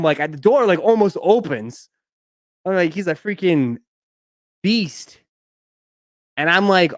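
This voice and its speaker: A man's voice: fairly high pitch, animated, normal speed, no echo, studio quality. A young man hosting a live stream, chatting casually and telling a long rambling story with lots of fillers. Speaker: sneaker live stream host.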